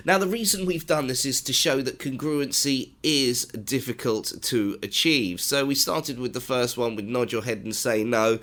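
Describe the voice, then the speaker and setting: A man teaching an online training module, lively and instructive, often jumping up in pitch to stress points. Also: moderate pace, hardly any pauses. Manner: animated, instructive, pitch jumps up for emphasis. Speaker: corporate trainer. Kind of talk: online training lecture with demonstration.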